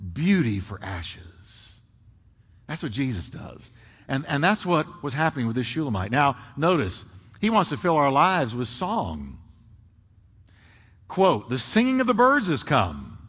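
A man preaching a sermon, swinging between booming emphasis and hushed, drawn-out phrases. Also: slightly rough. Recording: long hall reverb.

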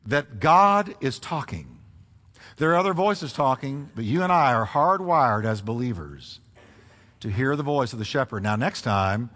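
Male pastor preaching, lively pitch, bright tone, church hall reverb. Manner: animated preaching with congregation call-and-response. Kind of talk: sermon.

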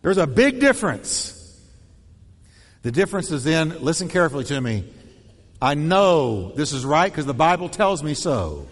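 A man preaching a sermon in an animated way, acting out quoted voices with shifting tone and pace. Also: on the high side, moderate pace, big-room sound. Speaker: pastor.

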